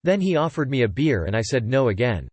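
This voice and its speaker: A man narrating online forum posts aloud in a steady, scripted reading style. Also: mid-range voice, fairly quick, slightly rough, dry recording.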